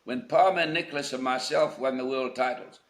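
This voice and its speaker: A man's voice: mid-range voice, fairly quick, roomy sound. An older man from South Africa, a golf legend being interviewed, telling anecdotes in a reflective, emphatic way. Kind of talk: conversational interview.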